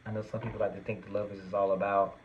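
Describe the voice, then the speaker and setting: A man's voice: lowish voice, flat delivery, racing, lo-fi sound, a little hiss or hum. Earnest, emphatic man reading tarot. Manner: earnest, reassuring, gets worked up and emphatic. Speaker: tarot reader.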